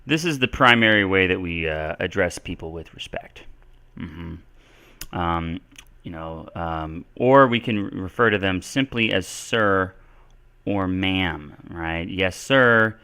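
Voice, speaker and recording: A man's voice: low-pitched, slow, pushed and bright, clean tone. A man answering English questions on a live stream, casual and thinking aloud with lots of fillers. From Texas. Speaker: English teacher.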